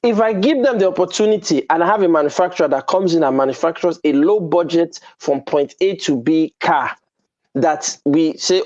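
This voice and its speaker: A man's voice: a little high, moderate pace, darkish tone. A man, hosting a heated panel debate, emphatic and provocative, sometimes slipping into pidgin. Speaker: host. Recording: dull lo-fi sound.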